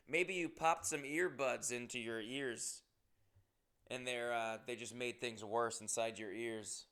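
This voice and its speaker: A man's voice: medium pitch, a bit bright, clean tone. A man hosting his own podcast, talking in a playful, rambling, self-mocking comic monologue. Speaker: podcast host. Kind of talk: casual comedic monologue.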